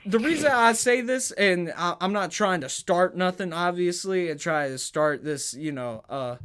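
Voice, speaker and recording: Man, high voice, sports podcast co-host, heated, stuttering, emphatic. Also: moderate pace, a bit bright, a little hiss or hum. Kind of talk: casual sports talk.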